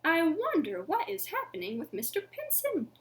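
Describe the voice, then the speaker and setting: Woman voicing a friendly storybook lion, high bright voice, lively sing-song, curious and polite. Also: normal speed, full character voice. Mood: friendly wondering.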